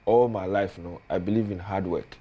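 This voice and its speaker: A man's voice: low-pitched, steady tone, moderate pace, warm tone. A man with a Ghanaian accent, a politician guest on a studio talk show, speaking earnestly and building emphasis as he lists points.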